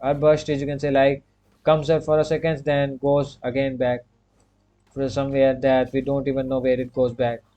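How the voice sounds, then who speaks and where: Relaxed and mellow, a medium-pitched gaming streamer talks casually over his gameplay. He repeats short commands as he steps through each move, patching his pauses with the same stock phrase. The audio is dull and lo-fi, as if from a cheap home mic.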